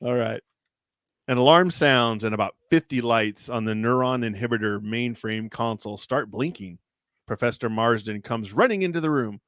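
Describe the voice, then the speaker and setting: A podcast co-host reads a children's gamebook aloud and jokes about the story. His mid-range voice has a fairly bright tone at normal speed, captured in clean studio sound with no room sound.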